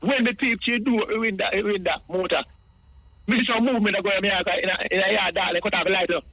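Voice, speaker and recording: Rapid rambling Jamaican man on a phone. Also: high voice, sharp tone, no echo, low-quality recording. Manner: rambling, repeats himself, speaks in patois. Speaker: radio caller. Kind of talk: phoned-in personal account.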